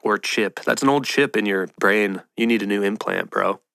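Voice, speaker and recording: A man's voice: lowish voice, moderate pace, vocal fry, bright, forceful tone, dry recording, clean studio sound. A man hosting a podcast, talking in a rambling, playful casual monologue and slipping into mock voices. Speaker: podcast host.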